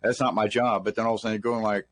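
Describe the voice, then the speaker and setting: A man's voice: on the low side, fairly even intonation, racing. A middle-aged man from Texas, telling rambling, folksy stories as an interview guest. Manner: rambling, folksy anecdotes with restarts. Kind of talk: casual storytelling in an interview.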